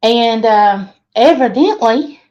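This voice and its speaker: A woman's voice: fairly high pitch, animated, slow, a little mellow. A woman hosting a casual live stream, greeting viewers one by one and laughing often. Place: laundry room. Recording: dull lo-fi stream audio.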